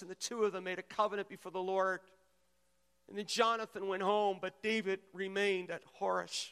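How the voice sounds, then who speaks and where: High-voiced pastor preaching in a big hall. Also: male voice, level tone, moderate pace, fairly bright tone, clear, resonant tone. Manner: preaching with rising intensity, calling on the audience. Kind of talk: sermon. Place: large auditorium.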